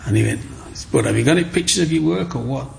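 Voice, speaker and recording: A middle-aged man tells his story to an interviewer. His voice is deeply gravelly, with a lot of rough fry under the words. He talks in a chatty, animated way and slips into other people's voices when he quotes them. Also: fast, a little hiss or hum. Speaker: guest, micro-sculptor.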